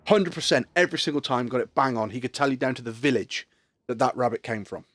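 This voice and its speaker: Chatty streamer, dry close mic. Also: male voice, medium pitch, fast talker, a bit bright, no room sound. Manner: rambling storyteller, swears freely, chuckles. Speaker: game streamer. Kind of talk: casual live-stream chat.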